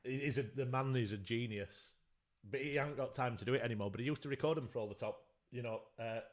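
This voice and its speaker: A man's voice: mid-range voice, fast. A man with a Sheffield accent co-hosting a podcast in casual chat, laughing often and trailing off mid-sentence. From Sheffield, England. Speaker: podcast co-host.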